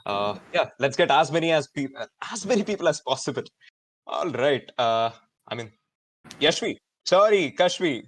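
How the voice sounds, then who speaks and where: A man in his twenties with an Indian English accent, hosting a live online student event in an energetic, chatty way with many fillers. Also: on the high side, normal speed, slight background noise. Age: 20s. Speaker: host.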